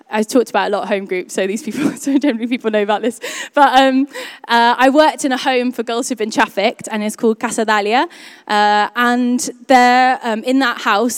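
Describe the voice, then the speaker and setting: A woman's voice: fairly high pitch, smooth, no echo, clean studio sound. A young woman speaking to a church group, telling a personal testimony in a chatty way full of "um" and "like". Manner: chatty, many fillers like "um" and "like".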